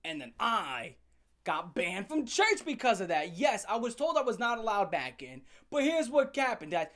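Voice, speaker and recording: A woman telling a comic story as a channel host, in a sarcastic, profane and animated rant. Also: medium pitch, moderate pace.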